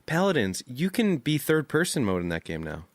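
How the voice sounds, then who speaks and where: A man's voice: medium pitch, big pitch swings, normal speed, no echo. A man co-hosting a podcast in casual chat, easygoing and asking a lot of questions. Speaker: podcast co-host.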